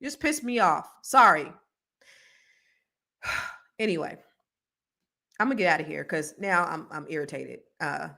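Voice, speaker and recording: A woman's voice: lowish voice, pushed and bright. A woman hosting a casual livestream chat, reading viewer comments and talking bluntly, with cursing and heated rants. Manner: blunt and profane, swings between mumbling and heated ranting; reads viewer comments aloud. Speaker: host.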